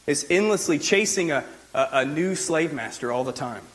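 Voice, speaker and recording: A man's voice: a little high, expressive, moderate pace, a bit bright, rough recording. A male pastor giving a sermon in a loose, conversational way, often saying "like" and restarting his sentences. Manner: conversational preaching with frequent "like" and restarts.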